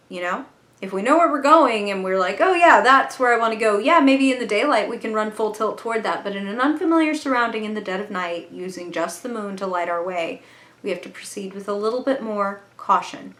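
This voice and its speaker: A woman's voice: medium pitch, a bit bright. A woman giving a casual spoken tarot reading, chatty and earnest, with the odd casual swear word. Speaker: tarot reader. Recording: echoey room.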